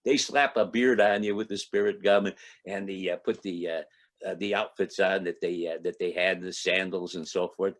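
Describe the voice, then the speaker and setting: A man in his eighties from Toledo, Ohio, telling an anecdote to a club audience as a guest speaker, chuckling and acting out the dialogue in a raised voice. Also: moderate pace. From Toledo, Ohio, United States. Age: 80s. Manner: lively raconteur, acts out quoted dialogue with raised pitch; chuckles between lines, frequent restarts.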